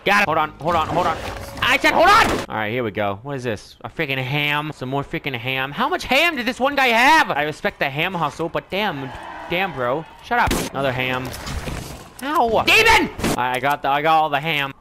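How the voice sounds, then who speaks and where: A man giving loud, joking commentary as he plays a video game, with shouty reactions. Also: on the high side, big pitch swings, a little fast, very noisy. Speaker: gaming YouTuber. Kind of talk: let's play commentary.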